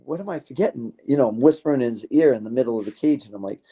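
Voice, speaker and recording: A man's voice: medium pitch, very fast, warm tone. A man, a fighter being interviewed, talking in a rambling, heartfelt way and swearing casually.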